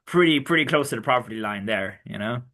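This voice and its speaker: A playful man chats and banters as a podcast co-host. His voice is bright and lively, and his pitch swings a lot. He reads a comic aloud and drops into character voices. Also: fast talker. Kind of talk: casual chat.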